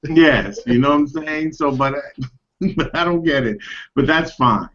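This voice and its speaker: A man's voice: fairly high pitch, measured pace, lo-fi sound. Streetwise New York man saying "bro". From Queens, New York. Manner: streetwise, animated, peppers talk with "bro". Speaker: podcast co-host. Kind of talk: casual chat.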